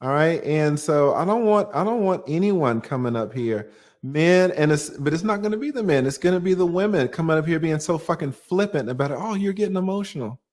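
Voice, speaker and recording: A middle-aged man with a fairly high voice hosts a heated livestream as an attorney. He speaks bluntly and emphatically, swears freely, and pushes toward a shout when provoked. His delivery is forceful and never holds back. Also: animated, a little fast.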